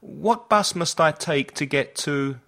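A man's voice: a little high, expressive, takes it slowly, vocal fry, fairly bright tone. A man reading travel phrases aloud for learners, one at a time, each with a falling end. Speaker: phrase reader for language learners.

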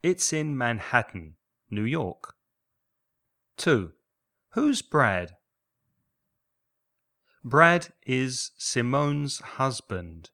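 Man, language teacher, slow careful drills, lively pitch, audio lesson.

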